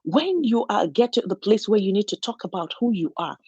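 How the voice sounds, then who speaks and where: A woman speaks in an earnest, encouraging way, giving an inspirational talk and often restarting her sentences. Her voice is husky and a little breathy. The recording is dry and close, with a dull, muffled lo-fi sound. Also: mid-range voice, big pitch swings, a little fast, a little mellow, no room sound. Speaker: motivational speaker.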